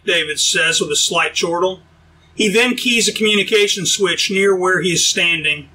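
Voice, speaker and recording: A man narrating a science-fiction audiobook in an even, explanatory storytelling manner. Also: on the high side, moderate pace, poor audio. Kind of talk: scripted narration.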